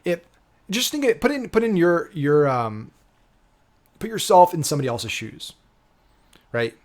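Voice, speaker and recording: A digital marketing coach gives a casual, emphatic lesson in a fairly high voice with big pitch swings, speaking a bit slowly. He keeps checking in with "right?" and swears casually in this informal instructional talk.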